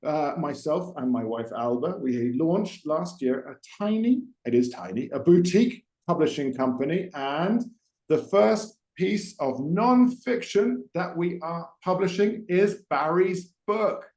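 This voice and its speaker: A man's voice: fairly high pitch, expressive, measured pace, darkish tone. Chatty podcast host man, roomy sound. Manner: chatty, digressive, frequent fillers and restarts. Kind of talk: conversational podcast interview. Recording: roomy echo.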